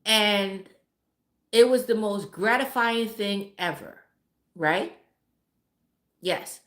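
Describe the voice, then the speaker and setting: A livestream host gives her viewers blunt, heavily profane relationship advice in casual talk, repeating words for emphasis. She speaks slowly with frequent pauses, in a medium-pitched, slightly bright voice, in an echoey room.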